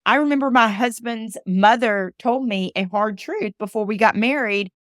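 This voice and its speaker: A woman's voice: fairly high pitch, normal speed, fairly bright tone, dry recording, clean studio sound. A woman from Alabama giving a personal storytelling talk, emphatic and repeating phrases for emphasis. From Alabama, USA. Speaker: motivational speaker.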